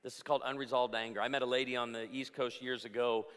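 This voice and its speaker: A man's voice: medium pitch, flat delivery, fast talker, a bit bright, clean tone. A middle-aged male pastor giving a humorous, storytelling conference talk to a crowd. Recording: long hall reverb.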